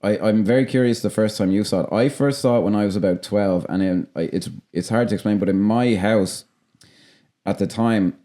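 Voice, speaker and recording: Low mellow Dublin man telling film stories. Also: a little fast. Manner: rambling storyteller, swears freely. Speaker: podcast co-host. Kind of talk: casual film chat.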